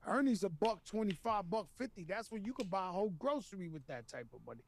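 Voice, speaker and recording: Animated profane man telling stories. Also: high voice, quick pace, gravelly. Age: 50s. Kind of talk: casual storytelling chat. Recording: faint background noise.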